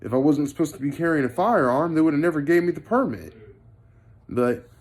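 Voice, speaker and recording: A young man talking casually to his camera, telling a long story in a loose, rambling way. He leans on filler words and often slips into quoting other people. When he's angry his voice climbs and gets forceful. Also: a little high, fairly quick. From Indiana, USA. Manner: heated, animated, gets louder when angry; rambling with many fillers like you know. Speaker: vlogger.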